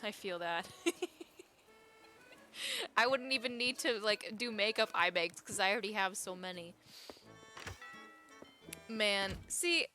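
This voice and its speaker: Speaking in a mid-range voice, a young live streamer chats easily with her audience. She's chatty, excitable, and often breaks into laughter.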